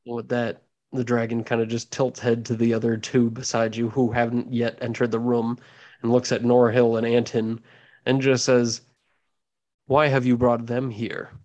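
A man's voice: mid-range voice, completely flat delivery, moderate pace, darkish tone, highs cut off. Man narrating as game master. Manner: loose, filler-heavy description.

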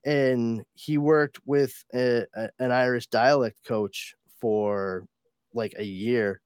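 A man's voice: mid-range voice, steady tone, slow, darkish tone, smooth, no room sound. Podcast co-host, male, chatty storyteller, profane, dry booth sound. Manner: chatty storyteller, swears, puts on voices in anecdotes. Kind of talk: casual chat.

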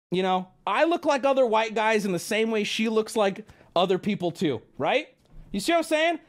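A young man casually riffing and ranting on a live stream, rambling and swearing, with sudden high squeaky outbursts.

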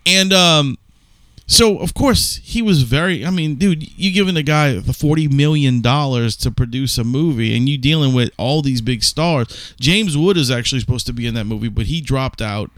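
A man's voice: mid-range voice, expressive, normal speed, a bit bright, no room sound. A man co-hosting a podcast, telling a long rambling story in casual chat with some swearing. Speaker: podcast co-host.

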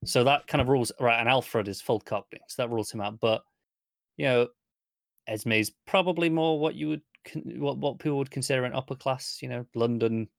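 A man's voice: medium pitch, vocal fry, no room sound. Thoughtful British man, dry close mic. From United Kingdom. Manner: measured, thoughtful, agreeable. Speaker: podcast co-host. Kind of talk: casual chat.

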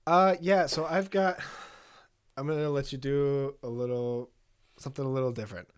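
A man's voice: medium pitch, fairly even intonation, normal speed, smooth. A man co-hosting a podcast, talking casually about songs, often hesitating and trailing off. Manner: hesitant, trailing off, frequent "I don't know". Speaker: podcast co-host. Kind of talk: casual chat about albums.

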